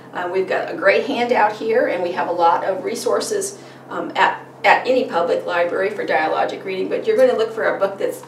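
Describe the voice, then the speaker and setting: A woman giving a workshop on reading with children, acting out sing-song questions between plain explanation and frequent fillers. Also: medium pitch. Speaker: literacy trainer. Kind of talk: workshop presentation. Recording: roomy, distant mic with faint noise.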